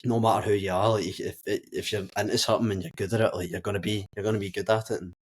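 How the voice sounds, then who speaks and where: A man's voice: lowish voice, little pitch movement, racing, a little hiss or hum. A teenage man from Scotland, a guest musician in a casual podcast chat, rambling and full of filler words. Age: teens.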